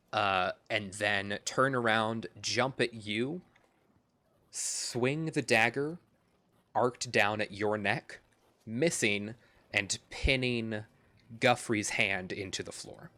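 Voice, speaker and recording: A man running a tabletop game as game master, describing the action with frequent pauses and fillers. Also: fairly low pitch, bright, forceful tone. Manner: halting, with many fillers.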